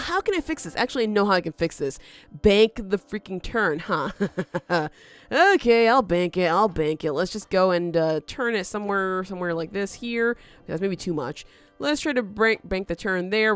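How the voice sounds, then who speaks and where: A woman's voice: mid-range voice, no echo. A woman hosting a let's play, giving chatty gameplay commentary, talking back to the game and laughing often.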